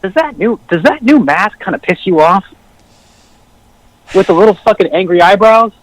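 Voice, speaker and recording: A man guesting on a casual film chat podcast, excitable and emphatic, swearing a lot. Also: sits high, moderate pace, low-quality recording.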